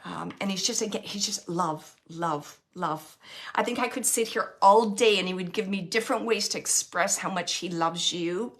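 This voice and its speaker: A middle-aged woman working as a medium, relaying spirit messages in a live online reading and softly repeating the phrases she hears. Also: medium pitch, brisk, few pauses.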